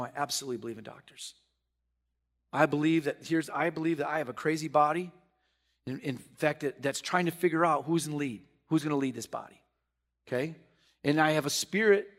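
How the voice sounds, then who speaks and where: A middle-aged man, a pastor, preaching a sermon, swinging between quiet reflective stretches and loud animated bursts. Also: a little high, a little fast.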